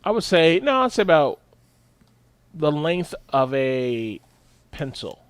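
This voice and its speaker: A man co-hosting a casual podcast, telling a profane, animated story and jumping his voice up for the punchlines. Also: a little high, takes it slowly, clear, resonant tone, no room sound. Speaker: podcast co-host.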